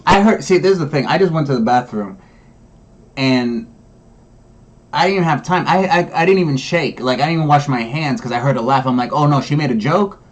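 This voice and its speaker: A man with a mid-pitched voice talks through a comedy set in a wry, rambling way. He drags out his remarks as he critiques the act. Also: expressive, brisk. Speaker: commentary host. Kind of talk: casual comedy commentary.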